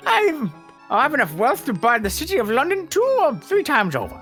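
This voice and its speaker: A woman's voice: sits high, huge pitch swings, a little fast, a bit bright, faint music behind, full character voice. A woman voicing a boastful, flamboyant rich Irish man in a fan voice-over of a game. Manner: brash and theatrical.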